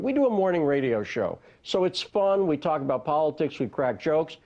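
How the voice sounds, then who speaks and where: A man who hosts a radio show, speaking as a panel guest in a conversational, animated way. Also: a little high, normal speed, hardly any pauses, muffled recording. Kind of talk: debate commentary.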